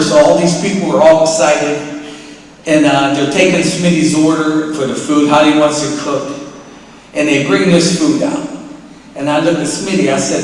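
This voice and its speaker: A man giving an animated storytelling speech at an award ceremony, acting out the voices in his stories. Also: fairly high pitch, normal speed. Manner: animated, acts out quoted voices. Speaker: award acceptance speaker. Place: large hall. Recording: echoey hall, mic from a distance, faint ambience.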